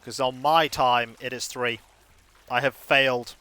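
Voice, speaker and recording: A man's voice: medium pitch, fairly even intonation, measured pace, sharp tone, clear, resonant tone. Rambling, jokey male game streamer. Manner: rambling, jokey, self-mocking asides. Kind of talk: casual gaming stream commentary.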